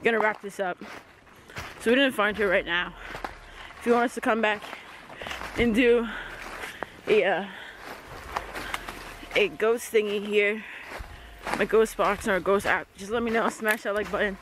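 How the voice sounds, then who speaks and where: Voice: mid-range voice, measured pace, long pauses, noisy background. A vlogger walking through woods with a handheld camera, exclaiming and calling to pets. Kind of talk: casual outdoor walking vlog. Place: outdoors in woods.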